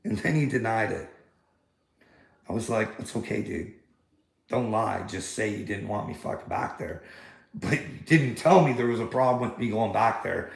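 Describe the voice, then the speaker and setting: A vlogger with a lowish, gravelly voice rants angrily in a heated monologue, recorded with a roomy sound. He swears constantly while recounting a confrontation.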